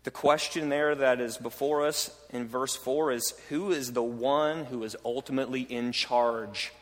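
A man's voice: medium pitch, fairly even intonation, unhurried. A man preaching a sermon as a pastor, moving from emphatic declarations to casual, conversational asides. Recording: long hall reverb.

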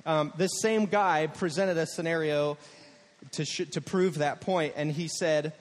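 A man's voice: on the high side, steady tone, measured pace, in a large hall. A man preaching a sermon as a pastor, telling stories casually and acting out the quotes. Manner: conversational storytelling, acts out quotes.

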